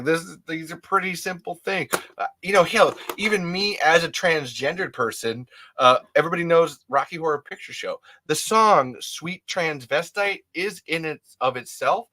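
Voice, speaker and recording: Here a man's voice is a little high and sharp in tone. He's hosting a podcast solo, rambling candidly and often restarting what he's saying in this casual monologue.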